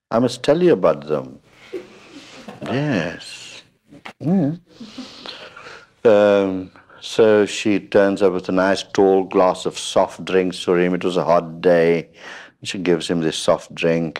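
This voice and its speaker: A man giving a spiritual talk to an audience, telling humorous anecdotes and often pausing to ask "hmm?". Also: sits low, darkish tone. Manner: storytelling with frequent questioning "hmm?" asides. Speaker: spiritual teacher.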